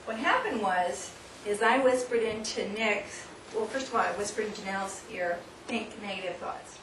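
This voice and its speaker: A woman's voice: medium pitch, lively intonation, normal speed. A woman speaker leading a live workshop demonstration with volunteers, coaxing and instructive, often laughing. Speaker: seminar speaker. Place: hall with an audience. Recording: distant, echoey room recording with noise.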